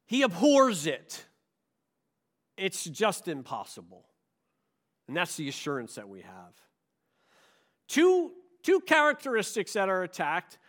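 A man preaching a sermon, emphatic and animated, leading his congregation in call-and-response. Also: high voice, a little slow, pauses often. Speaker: pastor.

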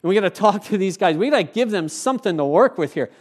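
A preacher acting out pushy, pleading questioners. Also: male voice, high-pitched, very animated. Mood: begging. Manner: insistent, wheedling, rapid.

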